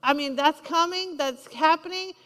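High-voiced woman preaching in a reverberant hall. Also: normal speed, fairly bright tone. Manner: emphatic, repeats key lines, asks the congregation for responses. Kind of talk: sermon.

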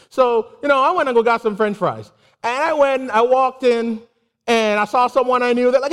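A man giving a casual, animated sermon with personal stories, laughing and exclaiming often. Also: very high voice, a little fast. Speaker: preacher. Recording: long hall reverb.

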